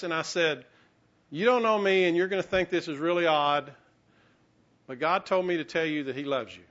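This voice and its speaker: A man's voice: fairly high pitch, pushed and bright. A man preaching a sermon, telling a personal story with self-mocking humor and acting out the voices he quotes. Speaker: pastor. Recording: muffled, lo-fi sermon recording.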